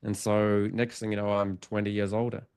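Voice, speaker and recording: A man's voice: fairly low pitch, little pitch movement, moderate pace, darkish tone, clear, resonant tone. A man, a hypnotherapist guest on a podcast, telling a personal story in an earnest, reflective way and laughing often, sometimes getting emotional. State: emotional, choked up. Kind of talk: conversational storytelling.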